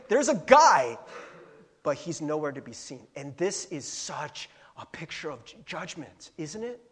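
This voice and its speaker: A man preaching a sermon as a pastor, telling a story with animated asides and chuckles, in a slightly husky voice. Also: a little high, a little slow.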